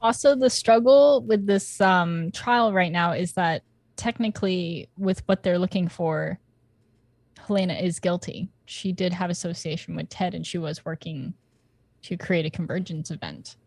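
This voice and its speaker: A woman's voice: lowish voice, moderate pace, a little mellow, no room sound. Earnest woman player explaining plainly. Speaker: tabletop game player. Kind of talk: casual tabletop game chat.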